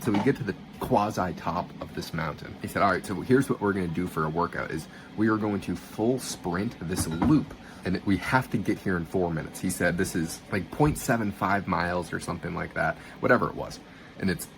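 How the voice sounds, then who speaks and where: A man with a very low voice tells a personal story in a loose, casual way. He swears now and then and acts out what people said. Faint noise hums behind him. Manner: swearing, animated retelling with quoted dialogue. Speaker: vlogger.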